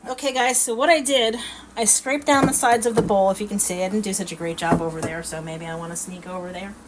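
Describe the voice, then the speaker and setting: Folksy woman, middle-aged, cooking host, mid pitch, loud kitchen noise behind. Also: fairly even intonation, fast talker. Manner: chatty and folksy, laughing often. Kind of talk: casual cooking demonstration. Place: home kitchen.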